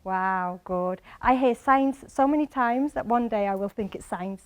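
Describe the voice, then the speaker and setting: A woman from Manchester with a Mancunian accent, giving a lively English lesson in a lecture hall and quizzing the audience by name. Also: mid-range voice, a little slow. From England, Manchester. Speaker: English teacher.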